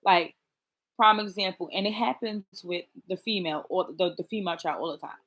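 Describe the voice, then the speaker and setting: A woman's voice: on the low side, brisk, a bit bright. A woman chatting casually to her viewers, blunt and profane, talking straight to them. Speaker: vlogger. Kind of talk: casual chat to camera.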